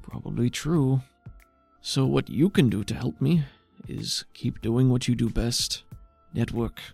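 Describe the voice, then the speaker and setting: A man's voice: medium pitch, unhurried, gravelly, darkish tone, slightly rough, no echo, faint music behind. A man voicing a blunt, guarded man in a tabletop game, speaking in short, matter-of-fact lines.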